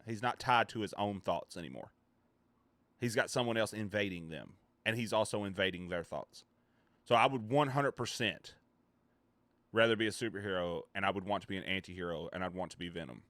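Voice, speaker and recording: A man streams live and chats with his viewers, swearing and joking as he rambles from one thought to the next. His voice sits low but cuts through with a bright, forceful tone. The sound is dry and close, with no room echo. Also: brisk.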